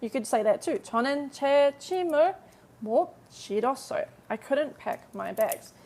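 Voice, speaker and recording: Chatty woman teaching Korean, a bit gravelly. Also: sits high, animated, a little mellow, slight background noise. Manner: chatty, explains step by step, slows down to model translations. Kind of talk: live-streamed language lesson.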